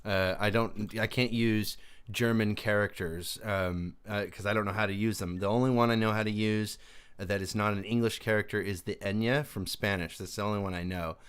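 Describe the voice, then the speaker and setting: Smooth clear guy hosting an album review, kinda hesitant, lots of ums. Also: lowish voice, fairly even intonation, a little fast, a bit bright. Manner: hesitant, trailing off with fillers. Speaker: host of a music review show. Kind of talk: casual podcast chat.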